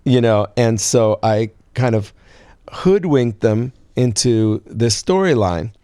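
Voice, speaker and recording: A man in his sixties telling a long story as an interview guest, acting out quoted lines in a higher voice. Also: slow pace, smooth, no room sound, studio quality. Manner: animated storyteller, acts out quotes in a high voice. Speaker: guest songwriter.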